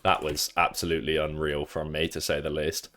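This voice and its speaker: A man's voice: a bass voice, completely flat delivery, fairly quick, bright, forceful tone. A young man livestreaming from home, chatting casually with viewers, rambling, swearing freely and teasing his chat.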